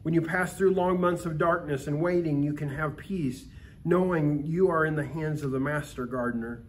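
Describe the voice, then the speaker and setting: A man reading the part of a gentle, wise aunt who speaks softly and reassuringly. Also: fairly high pitch, moderate pace, a little hiss or hum, lightly acted. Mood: gently teaching. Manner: soft, tender, reassuring. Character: gentle, wise middle-aged aunt, kindly and patient.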